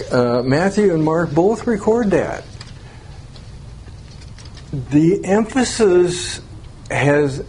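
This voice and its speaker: Slow-talking man teaching Bible class. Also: fairly high pitch, a little mellow, slight background noise. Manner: conversational, asks the class questions, chuckles.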